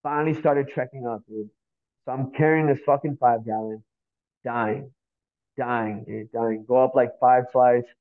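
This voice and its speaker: A man from Miami spins a long story as a podcast guest, animated and full of slang and swearing. His pitch sits in the middle range, and the sound is thin and tinny, like it's coming through a phone line. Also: normal speed. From Miami, Florida. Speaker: podcast guest, graffiti artist. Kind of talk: casual storytelling.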